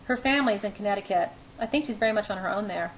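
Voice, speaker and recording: A woman's voice: medium pitch, racing, a little hiss or hum, natural voice, low-quality recording. A woman voicing a brooding, controlling young man, spoken intensely and insistently. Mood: earnest.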